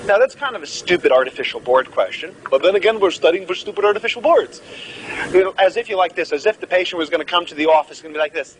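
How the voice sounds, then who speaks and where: Guy lecturing a med class, high lively voice, jokey and theatrical, bit of faint noise. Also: fast talker, poor audio. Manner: joking, theatrical, quizzes the audience. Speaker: medical lecturer.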